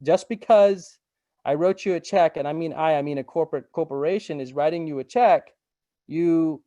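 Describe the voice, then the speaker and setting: Middle-aged man, webinar presenter, casual conversational talk, warm dark voice, dry sound. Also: on the high side, normal speed, no echo. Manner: casual, repeats phrases and asks "right?" for assent.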